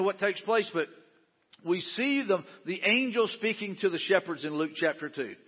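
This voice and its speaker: High-voiced pastor preaching in a reverberant hall. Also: male voice, breathy edge, highs cut off. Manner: earnest, conversational preaching with frequent "man" and restarts. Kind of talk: sermon.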